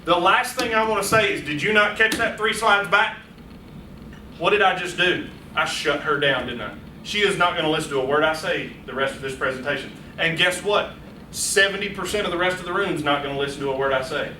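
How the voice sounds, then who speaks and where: A man giving a lively, playful public speaking workshop to a small audience in a meeting room, speaking straight to them. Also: on the high side, fairly quick, a little hiss or hum. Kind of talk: live workshop lecture. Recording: echoey room, voice from a distance.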